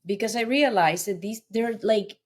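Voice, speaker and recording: A middle-aged woman, a podcast guest, telling her personal story in an earnest, animated way with many fillers. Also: mid-range voice, moderate pace.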